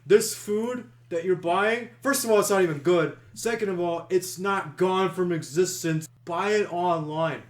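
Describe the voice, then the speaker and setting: A man's voice: high-pitched, unhurried, few pauses. Rambling podcast man in an echoey room. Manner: rambling, full of "like" and restarts. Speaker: podcast co-host. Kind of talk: casual storytelling chat. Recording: roomy echo.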